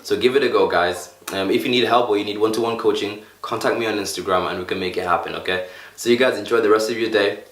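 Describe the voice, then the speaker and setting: A self-help coach talks animatedly to camera, motivating viewers to feel better by repeating phrases and acting out examples. His voice is lowish and fairly bright, his pace quick, and the room is echoey.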